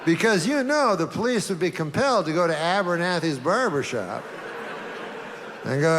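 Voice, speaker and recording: A man spins a story slowly and dryly, padding it with uh's and you-knows. His voice sits a bit high for a man. There is a faint hiss underneath. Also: expressive. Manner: dry, halting delivery full of uh's and you-knows. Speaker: stand-up comedian. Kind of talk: deadpan talk-show storytelling.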